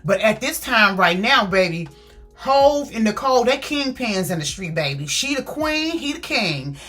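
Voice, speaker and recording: A woman's voice: fairly high pitch, normal speed, soft background music. Chatty woman gushing over a book. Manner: chatty and slangy, calls listeners "girl" and "baby"; animated, acts out characters' lines. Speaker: book reviewer. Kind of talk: casual book review retelling a plot.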